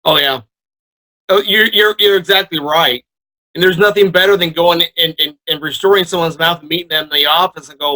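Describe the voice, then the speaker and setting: A man speaking as a podcast guest about his dental lab work, earnest and animated as he tells stories. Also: on the high side, brisk, poor audio. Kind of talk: casual interview conversation.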